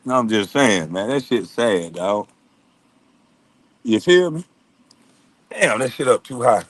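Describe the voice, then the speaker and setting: A man rants to his stream in a loose, profane monologue, his pitch swinging widely as he mocks people and laughs at them. The sound is dry and close. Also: expressive, slow, long pauses, no room sound. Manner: loud, laughing, mocking impressions of others. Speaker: live streamer.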